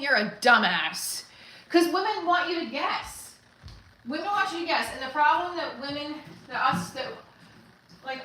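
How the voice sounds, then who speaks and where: A woman's voice: a little high, bright, forceful tone. A woman hosting a casual livestream, cracking profane, rambling stand-up jokes. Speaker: livestream host. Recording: roomy echo.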